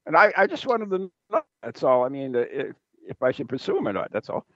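American man, teasing, stammers, animated pitch, rather high, dry dull audio. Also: a little fast, dry recording. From United States. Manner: stammering, teasing, many restarts. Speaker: podcast co-host. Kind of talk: casual podcast chat.

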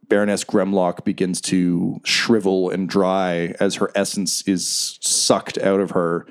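A man narrating a tabletop game as game master in a relaxed, storytelling way. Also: sits low.

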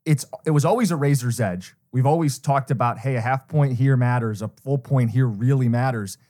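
Measured male podcast co-host. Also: mid-range voice, warm tone. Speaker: sports betting podcast co-host. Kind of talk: casual sports betting chat.

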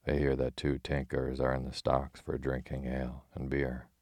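A hearty, teasing outlaw speaks in old-fashioned jests, as a man reads him in a storybook. The voice sits very low and barely moves in pitch. It sounds close and dry. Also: completely flat delivery, moderate pace, darkish tone, dry recording. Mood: jesting. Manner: jesting, archaic speech.

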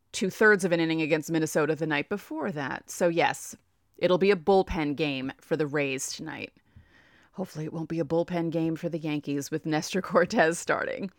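A woman's voice: deep voice, no echo, studio quality. A woman with a New York accent giving a casual baseball preview, reading off stats and talking to herself as she checks lineups. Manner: chatty, reads off stats, talks to herself. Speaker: baseball podcaster. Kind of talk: casual sports preview talk.

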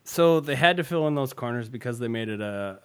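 A man's voice: medium pitch, expressive, fairly quick, clean tone. A man hosting a casual podcast, rambling and self-deprecating, laughing often as he talks. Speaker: podcast host. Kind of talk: casual tech podcast chat.

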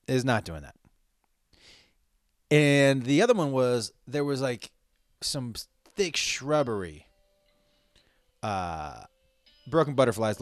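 A man telling a rambling, profane story to his listeners in a casual way, with sudden loud outbursts. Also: medium pitch, clear, resonant tone, dry recording, clean studio sound.

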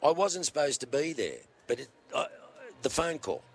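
An Australian man in his sixties, a guest telling lively stories with laughter in his voice. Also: fairly high pitch, moderate pace. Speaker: guest, former fast bowler. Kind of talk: anecdotal storytelling.

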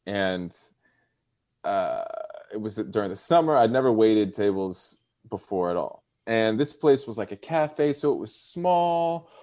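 Unhurried and lowish in pitch, a man in his thirties shares stories as a podcast guest on a video call. He's animated in casual chat, voicing the people he quotes.

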